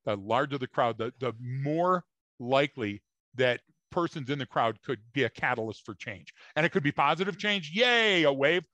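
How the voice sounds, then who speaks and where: Bright, emphatic man on a podcast. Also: mid-range voice, lively intonation, normal speed, no room sound. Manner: emphatic, storytelling, repeats words. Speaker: podcast co-host. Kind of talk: casual podcast chat.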